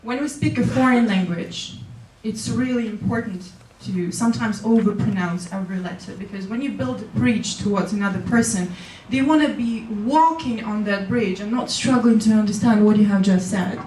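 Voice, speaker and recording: Lively woman, echoey hall. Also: mid-range voice, normal speed, few pauses, recorded from a distance, slight background noise. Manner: lively, laughs often, acts out quoted people. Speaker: keynote speaker. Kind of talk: motivational public speech. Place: conference hall.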